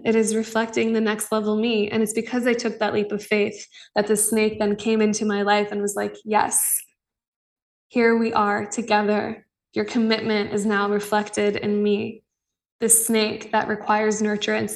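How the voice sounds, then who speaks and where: A young woman hosting a podcast, talking in an earnest, raw and excitable way about her spiritual life, often breaking into laughs. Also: a little high, distant mic. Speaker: podcast host. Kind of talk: casual spiritual monologue.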